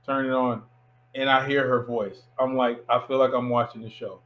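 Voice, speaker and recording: A man's voice: mid-range voice, normal speed. A young man from Miami, a filmmaker, telling a story as an interview guest, acting out the people in it. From Miami, United States. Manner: animated storyteller acting out quotes.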